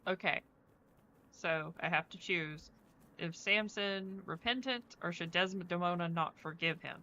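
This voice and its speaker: A woman's voice: fairly low pitch, a little slow, sharp tone, lo-fi sound, slight background noise. Chatty, rambling woman streamer. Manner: rambling, chatty, with many fillers. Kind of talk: casual chat while playing a game.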